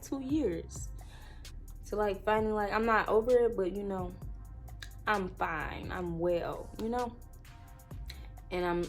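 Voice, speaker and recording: A woman in her twenties telling an emotional story on her vlog. She talks tearfully, laughs through the tears and rambles with many fillers. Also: medium pitch. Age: 20s. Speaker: vlogger.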